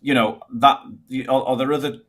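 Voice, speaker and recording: A British man speaking as a guest in a live-stream discussion, halting with many restarts and a dry wit. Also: medium pitch, steady tone, fairly bright tone.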